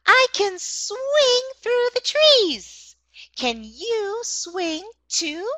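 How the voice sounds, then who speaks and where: A woman voicing a playful show-off monkey in a children's storybook, in a very high squealing voice. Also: animated, very slow, fairly bright tone, dry recording, full character voice.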